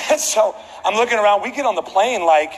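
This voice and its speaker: A man preaching a sermon, telling a comedic story with animated delivery. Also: sits high, a little fast. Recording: echoey hall with faint background noise.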